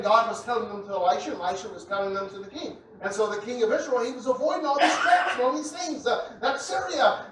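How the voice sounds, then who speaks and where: A man preaching a sermon who repeats himself and builds up to loud, shouted passages. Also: very high-pitched. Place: church. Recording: echoey church hall from a distant mic with faint noise.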